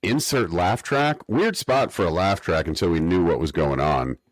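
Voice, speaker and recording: A man's voice: sits low, normal speed, dry recording. A man co-hosting a podcast, recapping an episode in casual chat with wry, mock-academic rants. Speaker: podcast co-host.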